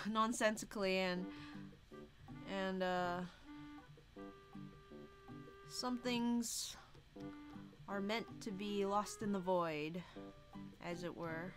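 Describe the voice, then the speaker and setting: A sleepy woman rambles through a drawing live stream in a soft, unhurried voice, taking her time between thoughts. Her pitch sits in a middling range, and a little music plays faintly behind her. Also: steady tone. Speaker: artist livestreaming her drawing. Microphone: desk microphone.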